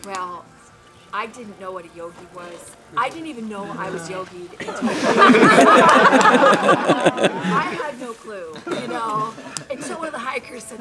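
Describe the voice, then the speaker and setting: A woman telling a personal anecdote to a group in an animated, self-mocking way. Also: medium pitch, measured pace, over music. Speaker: storyteller.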